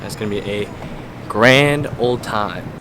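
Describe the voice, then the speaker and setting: A man's voice: on the low side, unhurried, background noise. A young man, a college student, chatting casually to his camera in a slangy, laid-back vlog style. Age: young adult. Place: around a college campus, indoors and out.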